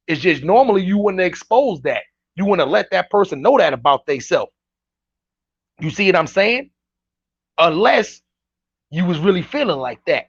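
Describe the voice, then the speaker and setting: A man's voice: sits high, husky, dry recording. A man giving casual, slangy reaction commentary, ranting emphatically as a vlog host. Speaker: commentary vlogger. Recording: dull dry lo-fi recording.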